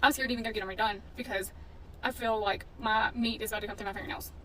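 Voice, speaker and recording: A woman's voice: medium pitch, steady tone, very fast, fairly bright tone. A woman in a casual storytime vlog, telling a story in a blunt, indignant way and swearing freely. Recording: distant mic with faint background noise.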